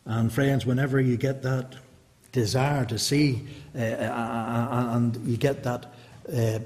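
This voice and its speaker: A man's voice: mid-range voice, level tone, measured pace, darkish tone. A man preaching an evangelistic sermon, pleading with rhetorical questions, in a church hall. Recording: long hall reverb.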